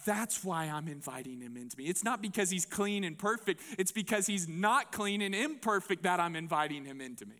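A man voicing a calm, patient male spiritual teacher who speaks softly and reassuringly. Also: brisk, few pauses, long reverb tail. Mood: gentle. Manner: soft, low, gentle and reassuring.

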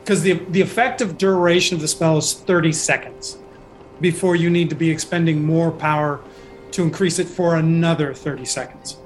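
A game master leads a tabletop session, calmly reading out and explaining rules. Faint music plays under the talk. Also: medium pitch, moderate pace. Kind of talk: tabletop role-play session.

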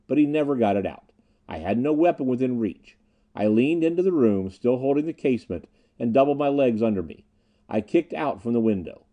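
Mellow, expressive male storyteller. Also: medium pitch, dull audio. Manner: expressive, lively reading. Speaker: audiobook narrator. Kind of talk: first-person dramatic narration.

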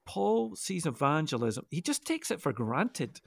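A man with a gravelly, fry-touched voice lays out his ideas in an unhurried, explanatory way. He often restarts mid-sentence as he thinks. The sound is dry and close. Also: a little high, big pitch swings, dry recording. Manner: thoughtful, explanatory, with frequent restarts. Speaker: co-host of a Bible discussion podcast. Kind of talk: casual discussion.

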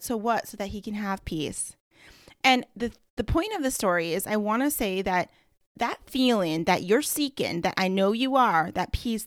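A woman's voice: mid-range voice, dry recording. Motivational podcast host, a woman with an upbeat coaching manner, dry close recording. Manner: upbeat, coaching, casual with many "like"s.

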